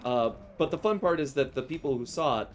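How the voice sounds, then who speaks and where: A man's voice: mid-range voice, animated, a little hiss or hum. Playful man chatting while gaming. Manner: playful, laughs often, quick jokes. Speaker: streamer. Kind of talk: casual chat while gaming.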